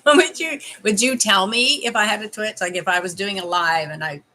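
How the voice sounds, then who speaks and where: A woman's voice: mid-range voice, steady tone, a little fast, pushed and bright, low-quality recording. A middle-aged woman from Canada doing a casual livestream as a life coach, chatting with viewers while tasting candies and giving advice.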